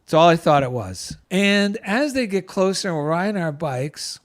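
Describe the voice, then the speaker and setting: A middle-aged man with an East Coast American accent, telling a personal story in conversation with lively feeling. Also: high voice, moderate pace. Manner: animated, gets choked up with emotion. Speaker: guest, author and veteran.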